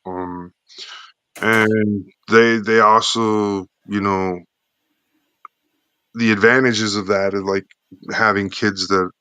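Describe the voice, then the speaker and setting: A man in his forties, a guest in a casual chat, talking in a halting, hesitant way full of fillers. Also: fairly low pitch, level tone, sharp tone, clear, resonant tone, dry recording, poor audio.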